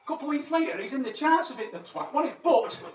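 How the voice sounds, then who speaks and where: Talking fast with lively intonation at an extremely high pitch, a male comic plays a cheeky, boastful Roman soldier who lives in Manchester. The crude, rambling stand-up monologue comes through a distant mic in a roomy, noisy recording.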